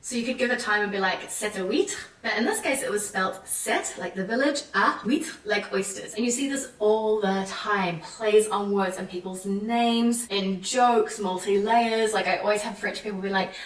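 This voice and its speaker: A woman's voice: mid-range voice, moderate pace, few pauses. A young woman from New Zealand with a New Zealand accent, chatting animatedly in a casual vlog and acting out the people she quotes. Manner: animated, acts out quoted French voices. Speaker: vlogger. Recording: echoey room, mic at a distance.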